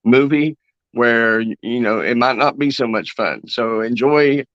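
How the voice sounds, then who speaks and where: Man with Kentucky accent, bright voice, sarcastic and joking, lo-fi line. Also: medium pitch, unhurried, no echo. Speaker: guest. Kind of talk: casual chat. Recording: muffled lo-fi audio.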